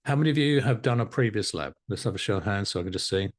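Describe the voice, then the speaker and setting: Man, hypnotherapy teacher, lively swooping delivery, low voice, online class over a video call. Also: quick pace. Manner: animated, encouraging, laughs often. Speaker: hypnotherapy instructor.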